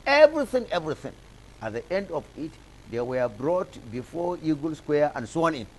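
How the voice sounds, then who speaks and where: A man's voice: a little high, sing-song, moderate pace, rough recording. A Nigerian man giving impassioned, rhetorical commentary as a guest on a studio talk show, stacking up repeated phrases. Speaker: political analyst guest. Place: television studio.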